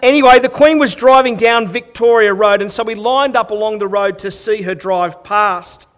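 A man's voice: high voice, moderate pace, a bit bright. A middle-aged Australian man preaching a sermon, telling stories with wry humor and rhetorical questions. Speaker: pastor.

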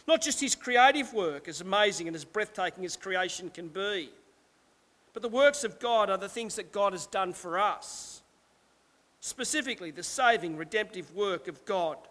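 Ringing out with a long, large-hall echo, a man's notably high and somewhat bright voice preaches to his congregation. This pastor's delivered sermon, not a casual talk, is emphatic and punctuated by rhetorical asides.

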